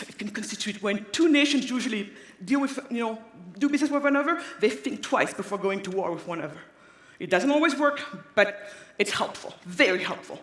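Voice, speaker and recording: Emphatic woman speaking in an echoey hall. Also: fairly high pitch. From Africa. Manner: emphatic, repeats key phrases. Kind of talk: inspirational conference talk. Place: large hall on stage. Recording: echoey hall, long reverb.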